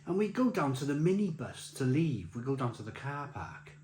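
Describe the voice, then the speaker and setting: A man's voice: mid-range voice, sing-song, normal speed, a little mellow, a little hiss or hum. Rambling male storyteller in an echoey room. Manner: rambling, laughing storyteller with many restarts. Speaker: beer vlogger telling a story. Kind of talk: casual anecdote. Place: beer festival. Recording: roomy echo with faint ambience.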